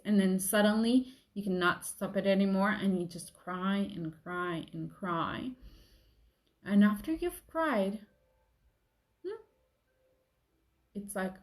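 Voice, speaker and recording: A young woman giving a gentle talk about emotions, softly reassuring and acting out inner thoughts. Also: mid-range voice, lively intonation, takes it slowly, pauses often.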